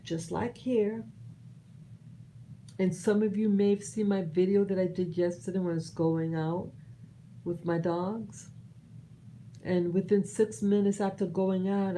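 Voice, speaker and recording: A woman speaks slowly and earnestly, her voice mellow and relaxed, pausing to restart her thoughts. A faint hum of ambience sits behind her. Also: on the low side, rough recording. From United States. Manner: earnest, halting, with many restarts. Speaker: vlogger sharing opinions. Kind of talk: personal commentary monologue.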